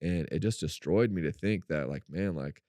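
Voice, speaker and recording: Deep-voiced man telling a story. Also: normal speed, dry recording, studio quality. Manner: animated storyteller, acts out quotes in a high voice. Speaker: podcast co-host. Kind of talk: faith-based podcast storytelling.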